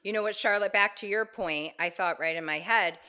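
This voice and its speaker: A woman's voice: medium pitch, a little fast, sharp tone, clear, resonant tone. A woman co-hosting a podcast, telling an anecdote and acting out both sides of the talk. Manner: storytelling, acts out both sides of the exchange. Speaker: podcast co-host. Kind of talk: casual podcast chat.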